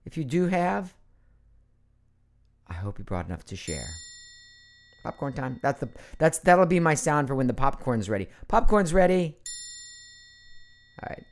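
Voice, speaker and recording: A man's voice: mid-range voice, very animated, normal speed, pauses often. Chatty middle-aged man streaming from home. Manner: chatty and playful, jumps between topics. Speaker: voice actor hosting a live Q&A. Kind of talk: casual live-stream chat. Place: at home, at his computer.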